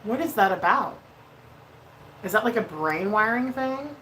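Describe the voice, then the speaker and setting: A woman's voice: mid-range voice, lively intonation, unhurried, a bit bright, a little hiss or hum, low-quality recording. A woman hosting a casual makeup livestream, chatty and freely swearing as she reads out viewer messages. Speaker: livestream host doing makeup.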